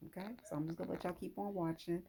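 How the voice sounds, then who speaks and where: A woman's voice: fairly low pitch, steady tone, very fast, mellow. A woman hosting a casual how-to vlog, chatting straight to her viewers while she works with her hands. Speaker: hair vlogger.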